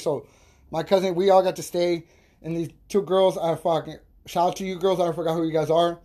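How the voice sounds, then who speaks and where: High-voiced, profane man telling stories. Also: fairly quick. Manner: animated, profane, laughing storyteller. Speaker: podcast host. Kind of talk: casual storytelling monologue.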